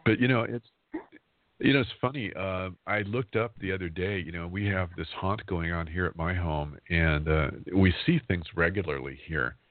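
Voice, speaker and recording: A man's voice: sits low, normal speed, no room sound. A man in his fifties hosting a talk radio show, chatting casually and rambling, often laughing as he talks. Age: 50s. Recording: dry, phone-like internet radio audio.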